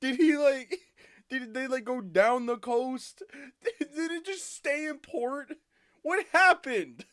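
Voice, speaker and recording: A reaction video host commenting on a video with quick exclamations and laughing asides. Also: sits high, fairly bright tone, dry recording, studio quality.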